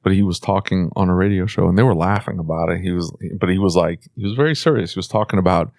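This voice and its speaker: Gravelly podcast host guy, lowish voice, dry sound, blunt and jokey, tells stories. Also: fast talker, a little mellow, dry recording. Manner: joking, storytelling, blunt. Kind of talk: casual podcast conversation.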